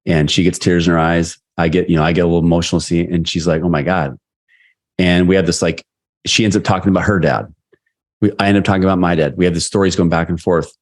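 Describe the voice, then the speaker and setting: A man's voice: low-pitched, fairly even intonation, fast talker. A middle-aged man, a sales leadership coach, telling candid stories in an interview with many restarts. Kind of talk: storytelling interview answers.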